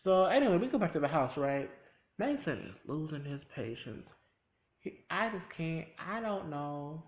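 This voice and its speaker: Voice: mid-range voice, normal speed, slight background noise, poor audio. A vlogger recapping a TV episode in casual chat, talking straight to the viewer with lots of energy. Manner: animated, talks straight to the viewer. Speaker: TV episode reviewer.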